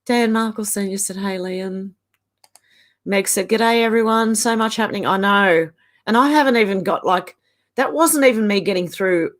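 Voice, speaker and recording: A woman's voice: medium pitch, moderate pace. An Australian woman in her fifties, hosting a casual live stream and chatting as she reads viewer comments aloud.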